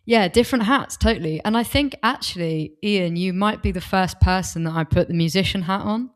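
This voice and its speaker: A woman's voice: medium pitch, fairly quick. A woman who is a musician, talking as a podcast guest openly and eagerly, often restarting her sentences, into a desk microphone. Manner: open, enthusiastic, with restarts. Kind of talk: casual conversation.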